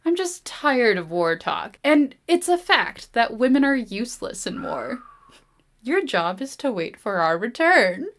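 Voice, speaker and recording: A woman reading aloud the lines of a smug, privileged young male student in a slow, dismissive drawl. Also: a little high, sing-song, fairly bright tone, pitched above the performer's own voice.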